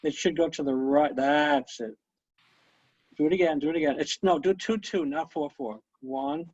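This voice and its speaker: A man's voice: a little high, normal speed, a little mellow, breathy edge, dry recording. A man teaching an online conducting class over a video call, coaching students and counting beats aloud, with chatty asides. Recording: muffled lo-fi video call audio.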